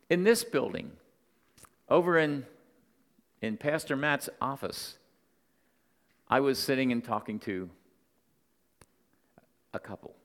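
A man's voice: medium pitch, a bit bright. A man preaching a Sunday morning sermon as pastor, talking conversationally, telling stories and checking in with his listeners. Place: church sanctuary. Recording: long reverb of a church hall.

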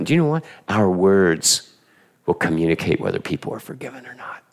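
Animated man preaching with a gravelly voice. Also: low voice, fairly quick. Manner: animated, emphatic, asks the audience rhetorical questions, repeats phrases. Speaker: pastor. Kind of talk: sermon.

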